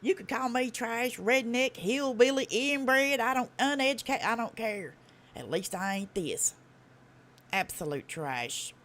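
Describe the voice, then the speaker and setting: Southern woman host with a Tennessee accent; blunt and profane, quick, animated delivery. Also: fairly high pitch. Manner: blunt, profane, folksy drawl; fast talker. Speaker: livestream host. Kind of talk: casual live-stream commentary.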